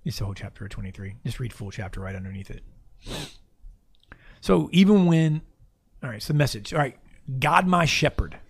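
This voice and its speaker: A man walking through a Bible passage in a relaxed teaching chat, often repeating and restarting his phrases. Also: mid-range voice, fairly quick, creaky, long pauses, husky. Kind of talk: casual Bible discussion.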